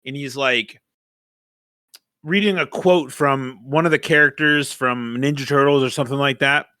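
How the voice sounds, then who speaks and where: A man's voice: medium pitch, moderate pace, smooth, dry recording, studio quality. A young man co-hosting a podcast in casual chat, telling stories with lots of laughter and swearing. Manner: animated storyteller, swears freely, laughs often. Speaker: podcast co-host.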